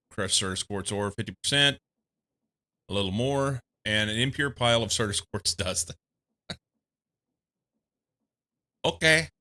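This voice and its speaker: A man from the United States streaming a game, thinking aloud in casual commentary, a little congested and quick to laugh. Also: medium pitch, sharp tone. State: slightly congested.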